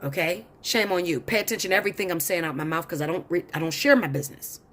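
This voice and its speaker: A woman's voice: lowish voice, fast, fairly bright tone, slight background noise. A woman tarot reader telling a long story in a blunt, profane, insistent way. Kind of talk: storytelling monologue.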